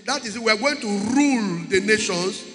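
A man's voice: high-pitched, moderate pace, pushed and bright, soft background music. A man preaching a sermon, emphatic and repeating key words as he calls out to the congregation. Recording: echoey hall with long reverb.

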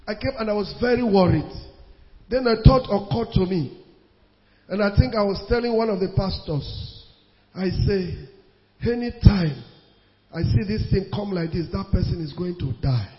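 A man preaching a sermon as a pastor. He repeats his phrases and swings between loud bursts and quiet asides. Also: high-pitched. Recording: reverberant hall, dull lo-fi sound.

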